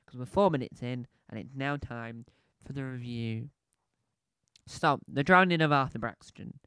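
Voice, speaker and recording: A man's voice: mid-range voice, measured pace, bright, forceful tone, smooth, dry recording. A man giving a casual, rambling film review on a podcast, chatty, with many restarts and asides.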